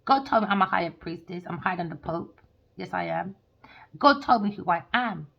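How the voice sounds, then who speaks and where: A woman's voice: on the low side, expressive, brisk, vocal fry. A woman, a tarot reader ranting heatedly and swearing in a monologue. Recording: dull lo-fi recording.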